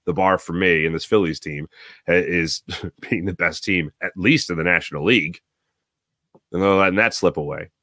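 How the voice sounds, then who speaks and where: A man hosting a live morning sports talk show, giving opinionated, rambling takes with sudden animated bursts. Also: deep voice, moderate pace, no room sound, studio quality. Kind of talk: solo sports radio monologue.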